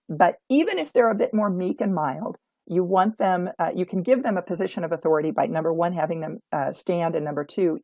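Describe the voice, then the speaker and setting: A woman's voice: lowish voice, a little mellow, dry recording. A woman, an auction consultant, giving emphatic coaching tips in an instructional video. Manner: emphatic, coaching tone, acts out example dialogue.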